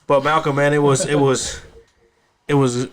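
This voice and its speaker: A man's voice: fairly high pitch, little pitch movement, normal speed. Slangy casual podcast host, a man. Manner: loose, slangy, swears freely, laughs easily. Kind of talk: casual chat.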